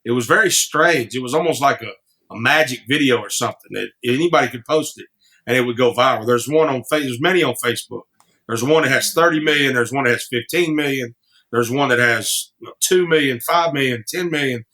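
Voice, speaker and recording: Guesting on a podcast, this singer-songwriter spins loose, rambling anecdotes full of restarts and easy laughter. His medium-pitched voice moves fairly quickly and has a sharp edge.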